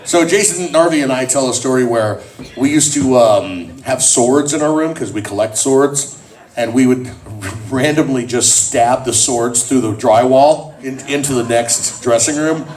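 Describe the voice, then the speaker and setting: Sitting far from the mic, a man with a mid-range voice speaks at a measured pace on a convention panel. He jokes with the crowd and tells stories in an animated way.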